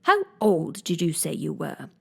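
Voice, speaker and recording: Woman doing a stuffy slow-talking egg guy, pompous and touchy, storybook reading. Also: low-pitched, huge pitch swings, vocal fry, fairly bright tone, slightly rough, heavily acted. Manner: slow, haughty, lecturing.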